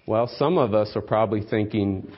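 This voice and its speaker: A man's voice: lowish voice, normal speed. A man preaching a sermon in a conversational way, asking his congregation rhetorical questions and tagging lines with "okay?" and "right?". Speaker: pastor. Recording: slightly dull lo-fi sermon recording.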